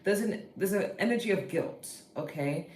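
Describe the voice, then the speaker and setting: A woman with a morning-rough voice giving a casual tarot card reading, chatty and thinking aloud as she turns the cards. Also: lowish voice, expressive, moderate pace, a little mellow, echoey room. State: early-morning voice. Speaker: tarot reader.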